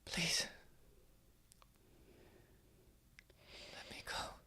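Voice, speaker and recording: A woman's voice: measured pace, bright, forceful tone, dry recording. A woman voicing a frightened young female captive in whispered role-play, pleading desperately.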